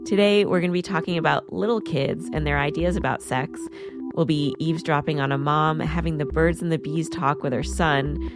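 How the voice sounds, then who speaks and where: A woman's voice: low-pitched, moderate pace, over music. A woman hosting a podcast, narrating from a script in a chatty way with a few fillers. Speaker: podcast host.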